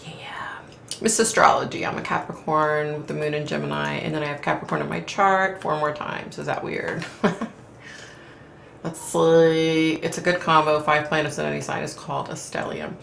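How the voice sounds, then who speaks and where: A woman's voice: deep voice, level tone, normal speed, gravelly, a bit bright, echoey room, a little hiss or hum. A middle-aged woman hosting a live stream from home, chatting casually in a rambling way and laughing often. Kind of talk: casual chat.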